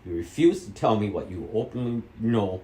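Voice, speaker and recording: With a fairly low, mellow voice and a brisk pace, a middle-aged Wisconsin man angrily interrogates his mother. He repeats questions and swears heavily in this heated family argument, filmed as a vlog in an echoey room.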